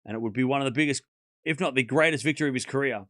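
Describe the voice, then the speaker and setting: A man streaming live play-by-play commentary of a tennis match, calling each shot and reacting loudly to big points. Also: medium pitch, racing, dry recording, clean studio sound. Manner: excitable, animated, calls each shot. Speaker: watchalong commentator.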